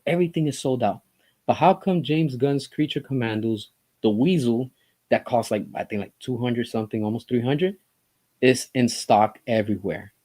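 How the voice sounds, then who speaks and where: A man's voice: medium pitch, darkish tone. A man giving an opinionated commentary monologue as a vlogger, talking in an impassioned, emphatic way full of rhetorical questions.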